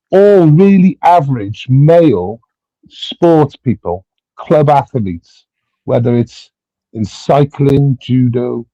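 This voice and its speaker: A man's voice: mid-range voice, vocal fry, warm tone, no echo, muffled recording. A British man in a heated casual debate who stammers, repeats words and swears a lot. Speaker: panel host.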